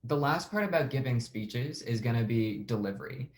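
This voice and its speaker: A man with a voice of ordinary pitch walks students through a sample speech. His tone is easygoing and conversational, and his explanations are dotted with "like" and "um". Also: normal speed, a little hiss or hum. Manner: relaxed, conversational, uses "like" and "um" often. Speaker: speech coach. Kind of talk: instructional walkthrough of a sample speech.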